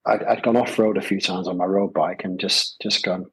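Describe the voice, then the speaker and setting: A man's voice: deep voice, steady tone, normal speed, vocal fry, fairly bright tone, slightly rough, low-quality recording. A man telling stories in a loose, rambling podcast chat, full of fillers and restarts. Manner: rambling, lots of fillers and repeated phrases. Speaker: podcast guest, gravel shop owner. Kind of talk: casual conversational storytelling. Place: Adelaide Hills, South Australia.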